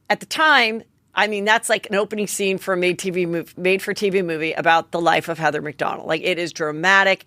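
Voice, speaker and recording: A woman's voice: medium pitch, fairly bright tone, dry recording, studio quality. A woman in her forties hosting a solo gossip podcast, chatty and candid, swearing freely and acting out quotes. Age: 40s. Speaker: podcast host.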